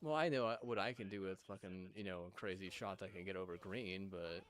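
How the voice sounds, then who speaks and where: A man's voice: low voice, brisk. A young man ranting in a rambling, profane way, full of fillers and restarts.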